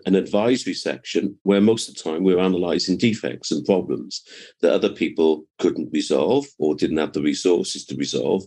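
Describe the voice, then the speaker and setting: Older man, very low voice, measured expert guest. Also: darkish tone. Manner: measured, explanatory. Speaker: professor and building surveyor. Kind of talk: interview answers.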